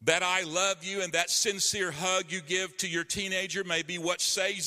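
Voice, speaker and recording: A man delivers a sermon with earnest, emphatic preaching, calling out for the congregation's response. His voice is bright and forceful. It rings out with a long reverb, as in a large church hall. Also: high voice, fairly even intonation, normal speed. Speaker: pastor.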